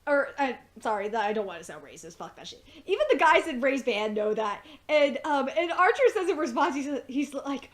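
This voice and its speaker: A young woman recapping a TV episode in a casual, excitable way, laughing often, swearing and filling gaps with um and uh. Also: high-pitched, normal speed. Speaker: episode reviewer.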